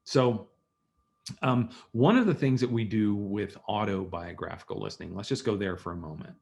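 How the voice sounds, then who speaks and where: A man's voice: on the low side, normal speed, gravelly, darkish tone. A man giving an online training on listening, talking conversationally and telling stories with acted-out dialogue, over a video call mic. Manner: conversational, storytelling, acts out dialogues. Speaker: communication skills trainer.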